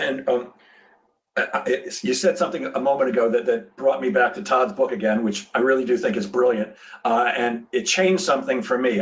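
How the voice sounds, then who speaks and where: A man's voice: mid-range voice, recorded from a distance. A man hosting an interview in casual chat, telling stories animatedly and acting out what people said. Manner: animated storyteller who acts out quoted dialogue, with frequent restarts. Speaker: podcast host.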